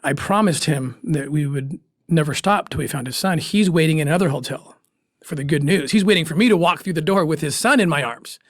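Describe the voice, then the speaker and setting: A man's voice: on the high side, no echo, studio quality. Earnest man telling an emotional story. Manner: earnest and emotional, with restarts and pauses. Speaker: guest, former special agent. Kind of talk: personal story told in an interview.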